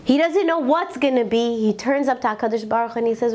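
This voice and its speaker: High-voiced woman telling a dramatic story. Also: fast talker. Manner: animated, dramatic storytelling with Hebrew terms. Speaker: rebbetzin giving a talk. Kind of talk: storytelling religious talk.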